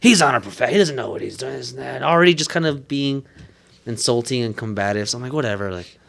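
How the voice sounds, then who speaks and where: A man's voice: medium pitch, fast, vocal fry. A man, a body piercer, casually telling crude shop stories with lots of swearing and laughter. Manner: profane, laughing, animated storytelling. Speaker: piercer and podcast host. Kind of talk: casual storytelling chat.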